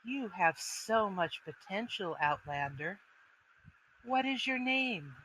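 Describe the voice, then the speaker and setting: A woman voicing a tall, imperious elvish woman who keeps slaves, speaking softly and possessively in a tabletop role-play. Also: mid-range voice, lively intonation, slow pace, slight background noise, low-quality recording.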